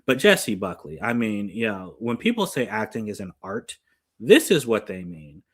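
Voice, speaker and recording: A man's voice: lowish voice, big pitch swings, moderate pace, breathy edge. A man giving a casual, enthusiastic movie review, chatty and full of "like" and "you know".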